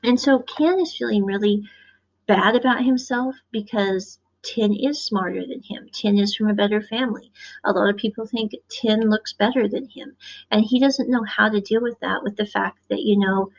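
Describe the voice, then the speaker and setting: A woman's voice: medium pitch, normal speed. A woman from the US Midwest, rambling chattily through a casual recap of a show's episode. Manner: rambling, chatty, acts out quotes. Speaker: show reviewer. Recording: dull lo-fi recording.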